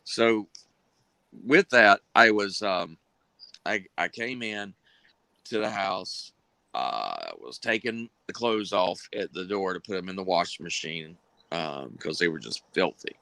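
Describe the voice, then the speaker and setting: A man's voice: deep voice, animated, measured pace, creaky, sharp tone, dry recording, rough recording. A man, telling a long story casually on a live stream with plenty of fillers and restarts. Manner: drawling, rambling with many fillers and restarts.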